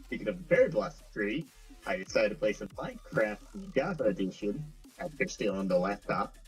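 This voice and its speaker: A man's voice: on the low side, lively intonation, normal speed, soft background music, low-quality recording. A young adult man chatting playfully on a stream, joking and teasing the host. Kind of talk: casual chat.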